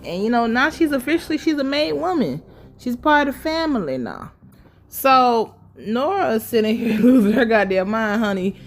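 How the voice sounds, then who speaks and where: Sassy woman recapping a show, cussing a lot, kinda high voice, faint music behind. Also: normal speed. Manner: profane, sassy, animated. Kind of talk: casual episode recap.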